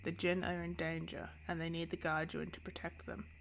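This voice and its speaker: A woman's voice: fairly low pitch, flat delivery, a little fast, a little hiss or hum, lightly acted. A woman reading an earnest young guardian man.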